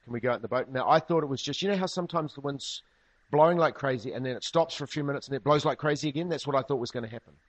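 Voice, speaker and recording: Racing along in a voice on the high side, a pastor delivers a sermon built on humorous storytelling and lively asides.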